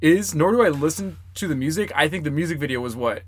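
A man's voice: a little high, animated, quick pace, slightly rough. A man co-hosting a podcast in casual chat, giggly and chatty, reacting with little noises. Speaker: podcast co-host.

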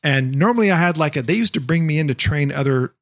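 A man's voice: on the high side, lively intonation, quick pace. A man co-hosting a podcast, telling a long story in casual chat and acting out the quotes as he goes. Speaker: podcast co-host, former Jungle Cruise skipper.

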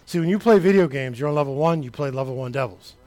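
A man preaching a sermon, talking straight to the congregation, building to shouted peaks and then dropping low and quiet. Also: fast. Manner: conversational, addresses the congregation directly.

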